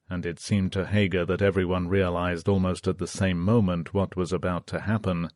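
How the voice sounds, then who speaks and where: A man narrating a history audiobook in a steady, measured reading. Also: sits low, no echo, studio quality.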